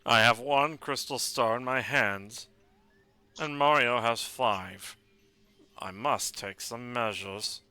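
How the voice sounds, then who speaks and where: A man reading a villainous male leader's lines in a slow, stern, commanding way on a live stream. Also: medium pitch, pushed and bright, smooth, dry recording. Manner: slow, stern, barked orders.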